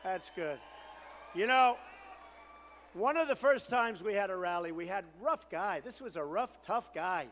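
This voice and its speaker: Boastful, high-pitched rally speaker man. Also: lively intonation, a little slow, big-room sound. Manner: boastful, repetitive, riffing to the crowd; building to shouted crescendos. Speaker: political candidate at a rally. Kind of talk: campaign rally speech.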